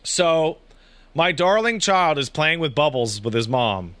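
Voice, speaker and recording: A man in his thirties, a podcast co-host, telling a family story in casual chat, animated and swearing freely. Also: a little high, a little slow, smooth, no room sound.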